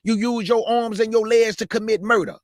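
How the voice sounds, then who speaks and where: A man with a high voice delivers a live exhortation, fervent and repetitive in his preaching. He keeps addressing listeners as man and family. The sound is dry and close. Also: little pitch movement, brisk, no echo. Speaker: host and preacher. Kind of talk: live exhortation to young people.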